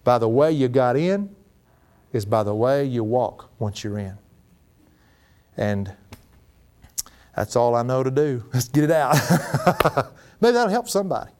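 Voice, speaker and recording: A middle-aged man preaching a sermon as a pastor, folksy and animated, laughing often. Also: mid-range voice, measured pace, pauses often.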